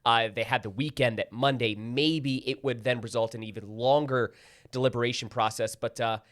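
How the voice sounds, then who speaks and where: A male host on a local news talk show, speaking in a conversational way and often restarting his sentences. His voice sits at an ordinary middle pitch. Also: steady tone, normal speed, fairly bright tone. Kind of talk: casual studio chat.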